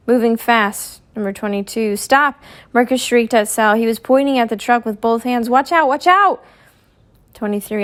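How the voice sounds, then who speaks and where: A woman reading a first-person novel aloud in a measured, clear storytelling manner. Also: medium pitch. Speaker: audiobook reader.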